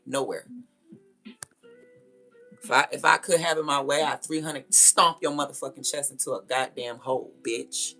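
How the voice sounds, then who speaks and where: A woman's voice: a bass voice, fairly even intonation, normal speed, long pauses, bright, forceful tone, soft background music. A young woman hosting a livestream, ranting bluntly and confrontationally with lots of profanity. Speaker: livestream host. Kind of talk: casual livestream rant.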